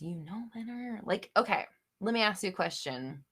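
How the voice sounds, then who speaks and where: A young woman hosting a live chat, reading viewer questions and answering bluntly, with swearing and bursts of loud exasperation. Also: animated, moderate pace, slightly rough. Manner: blunt, swears, swings between low murmur and loud exasperation.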